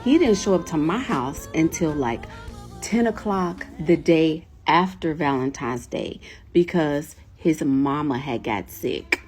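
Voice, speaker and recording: Lively woman telling a storytime. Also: takes it slowly, soft background music. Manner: animated, laughing, acts out quotes with big pitch jumps. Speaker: storyteller vlogger. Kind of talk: casual storytime to camera.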